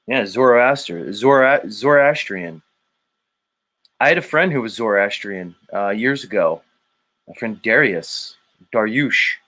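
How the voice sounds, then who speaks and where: A man's voice: lowish voice, lively intonation, unhurried, bright, forceful tone. A man hosting a casual livestream show, rambling, joking and swearing as he reads viewer comments aloud.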